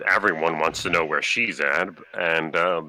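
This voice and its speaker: A man's voice: low voice, normal speed, pushed and bright, a little hiss or hum, full character voice, poor audio. A man voicing an irritable, blunt-spoken male infernal elf scholar in a tabletop game. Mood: irritated. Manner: exasperated, swears bluntly.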